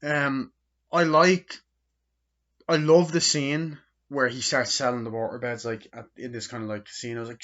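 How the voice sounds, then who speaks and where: A man's voice: medium pitch, normal speed, a bit bright. A man giving a casual, rambling spoken film review, full of fillers and swearing. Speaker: movie reviewer. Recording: dull lo-fi recording.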